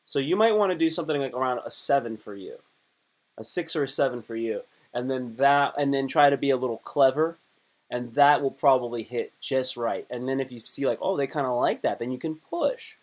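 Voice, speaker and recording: A man's voice: mid-range voice, fairly quick. A young adult man, a comedian, talking casually and animatedly on a livestream with lots of restarts. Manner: chatty, animated, rambling with restarts. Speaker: comedian and live streamer.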